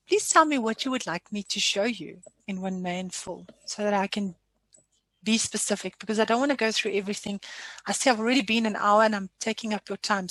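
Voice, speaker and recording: A woman trainer giving a casual screen-share software tutorial, chatty and self-deprecating with frequent apologies. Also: a little high, no echo.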